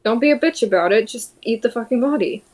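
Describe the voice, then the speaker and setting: A woman's voice: fairly high pitch, expressive, quick pace, a little mellow. Woman player, brash and foul-mouthed, loose game-table talk. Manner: brash, swearing. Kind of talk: casual tabletop game play.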